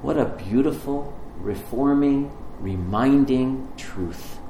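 Animated male preacher in an echoey room. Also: medium pitch, slow, a little hiss or hum. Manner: storytelling, animated, stumbling restarts. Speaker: pastor. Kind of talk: sermon.

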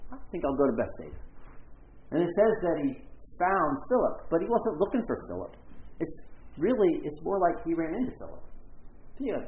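Lively male preacher in an echoey church. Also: fairly high pitch, a little hiss or hum. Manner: lively, acts out the characters' lines in quick voices. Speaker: pastor. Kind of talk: conversational sermon.

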